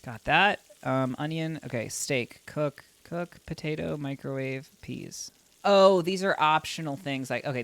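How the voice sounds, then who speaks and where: A man commenting casually on a game as he plays, emotional and chatty, talking to himself. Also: mid-range voice. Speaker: gaming YouTuber. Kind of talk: let's play commentary.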